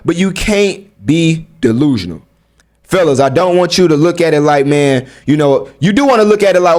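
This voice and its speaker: A young man with a fairly high, brisk voice vlogs straight to camera, handing out blunt, slang-filled life advice in a casual monologue and peppering viewers with rhetorical questions.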